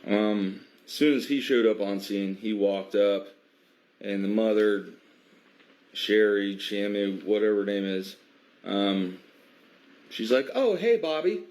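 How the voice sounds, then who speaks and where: A man from a biker advocacy group recounting an incident in a measured way, with many pauses and fillers. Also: lowish voice, little pitch movement, darkish tone. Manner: measured, filler-heavy, stops to restart. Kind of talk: recounting an incident, casual monologue.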